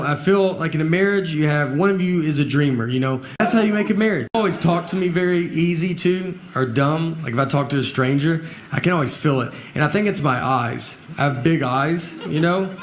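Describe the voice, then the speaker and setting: A man, telling stand-up stories in a halting, deadpan way. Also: fairly high pitch, a little hiss or hum. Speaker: stand-up comedian. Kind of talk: stand-up routine. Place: comedy stage with audience. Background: audience laughter.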